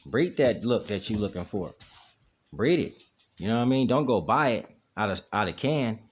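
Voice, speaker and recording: Husky, lowish and expressive, the man talks at a moderate pace while hosting a laid-back dog vlog inside his home. He plays with his dog and rambles on, repeatedly tossing in "you know what I mean," with the sound picked up by the camera.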